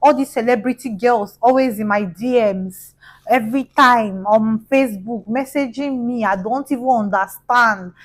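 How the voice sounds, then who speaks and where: A woman's voice: high voice, fast, voice pushed up, natural voice. A woman putting on the voice and made-up accent of a boastful, sweet-talking fake-rich man. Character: boastful fake-rich male scammer, Nigerian.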